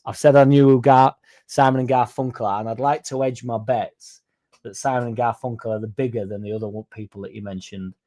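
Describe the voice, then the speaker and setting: A young Yorkshire-accented man hosts a casual livestream podcast, his voice medium in pitch with a dark tone. He rambles and swears freely while reading out chat messages.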